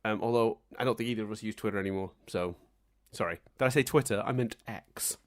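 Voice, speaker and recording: A man's voice: fairly low pitch, fast talker. A man hosting a podcast in casual, jokey, chatty talk. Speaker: podcast host.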